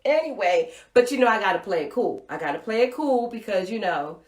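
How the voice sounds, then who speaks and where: A middle-aged woman hosting a live show, telling a personal story with playful, expressive swings between loud and soft. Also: fairly high pitch, a little fast, few pauses, reverberant. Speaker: live show host and speaker.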